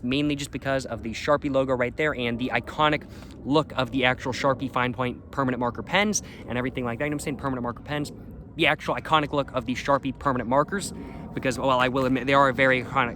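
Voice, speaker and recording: A man's voice: medium pitch, fairly bright tone, a little hiss or hum. A man reviewing a product in a casual, rambling way, repeating the same stock phrases.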